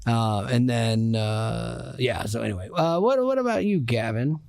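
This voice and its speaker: A man's voice: mid-range voice, expressive, a little slow, gravelly, darkish tone, dry recording, clean studio sound. A man hosting a radio show podcast in casual banter, teasing his co-hosts and laughing often.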